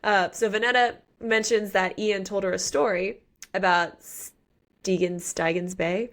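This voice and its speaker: A woman with a gravelly, fry-edged voice talks through a novel's plot in casual podcast chat. Her tone is playful and slangy, and she drops quick quoted asides as she goes. She sits at a middle pitch. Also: fairly bright tone. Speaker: podcast co-host. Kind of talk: casual book recap chat.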